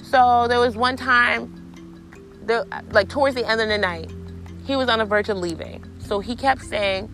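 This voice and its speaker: A woman's voice: on the high side, normal speed, faint music behind. Blunt, foul-mouthed woman vlogger. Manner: blunt and profane; animated, acts out both sides of conversations. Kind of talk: casual storytelling to viewers.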